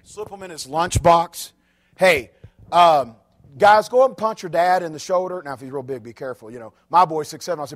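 Middle-aged preacher, high voice, animated delivery that dips quiet and then shouts. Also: male voice, fairly quick. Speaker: pastor. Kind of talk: sermon.

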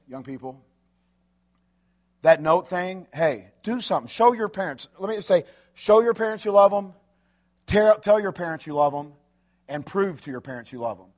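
Middle-aged preacher, high voice, animated delivery that dips quiet and then shouts. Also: male voice, moderate pace. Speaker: pastor. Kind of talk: sermon.

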